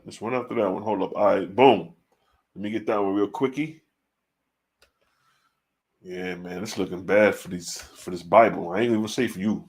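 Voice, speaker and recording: With a lowish, breathy-edged voice, this man offers laid-back livestream commentary on scripture, full of slang. As an online religious teacher, he reads passages aloud and throws out rhetorical questions.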